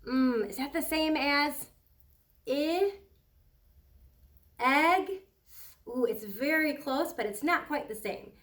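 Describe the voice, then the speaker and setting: Kindergarten teacher, woman, higher voice, patient and slow, stretches words out for phonics, mic set back a little. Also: a bit bright, distant mic. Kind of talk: recorded phonics lesson for young children.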